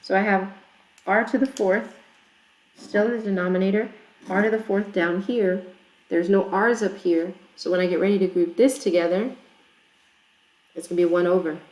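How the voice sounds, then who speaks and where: A woman's voice: mid-range voice, fairly even intonation, normal speed, pauses often, a little mellow, a little hiss or hum. A woman teacher working through a math problem in a recorded lesson, chatty and explaining step by step with frequent checks for understanding. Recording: echoey room.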